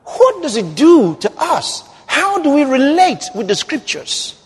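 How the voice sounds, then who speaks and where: A man's voice: extremely high pitch, huge pitch swings, a little slow, big-room sound. A man preaching a sermon emphatically, his voice rising to fervent exclamations.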